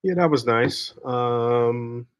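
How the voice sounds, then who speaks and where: A man hosting a podcast, chatting in a relaxed, laid-back way, swearing freely and trailing off with fillers. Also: mid-range voice, very slow, clean tone. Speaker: podcast host. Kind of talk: casual chat.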